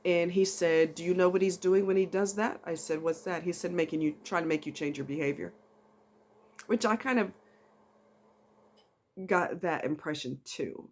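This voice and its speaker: A woman chatting casually to camera in a rambling, emotional vlog. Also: low voice. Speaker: vlogger.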